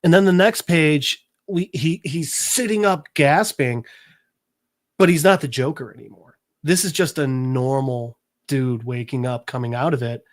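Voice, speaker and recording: A man's voice: a little high, measured pace, no echo, studio quality. A man hosting a podcast, recapping a comic book in a rambling, casual way. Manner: rambling, filler-heavy storytelling. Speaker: podcast host.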